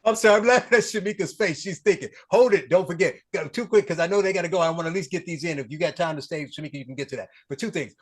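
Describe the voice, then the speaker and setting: A man hosting a podcast, animated and joking as he questions his guest. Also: on the high side. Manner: animated, joking, quick to laugh. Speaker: podcast host. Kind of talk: casual interview conversation.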